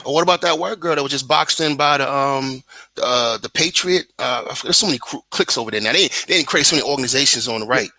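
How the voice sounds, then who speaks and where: A man's voice: mid-range voice, quick pace, bright, forceful tone, no echo. A man from the United States calling in from abroad, talking politics in a heated, profane, rambling way with many restarts. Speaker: guest on a talk stream. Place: living in Germany.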